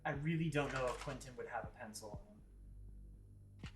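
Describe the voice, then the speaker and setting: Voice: medium pitch, moderate pace. A player in a tabletop game, working out a character's move aloud with many fillers and the odd curse. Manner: thinks aloud, with fillers and swearing. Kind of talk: tabletop role-play. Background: music.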